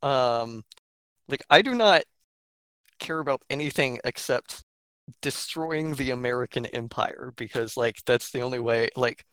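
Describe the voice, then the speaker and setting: A man's voice: mid-range voice, unhurried, clean tone, dry recording. Young Atlanta-accented man, blunt and profane, dry close sound, casual podcast talk. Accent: Atlanta Southern US. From Georgia, US. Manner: blunt, profane, animated storytelling. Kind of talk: casual political chat.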